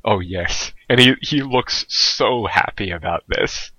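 A man narrating a tabletop game as game master in a calm, descriptive way. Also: on the low side, slow pace, no room sound, lo-fi sound.

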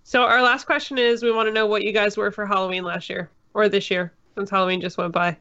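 Woman podcast host, bright and friendly, dull lo-fi sound. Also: medium pitch, level tone, fast. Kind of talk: casual interview questions.

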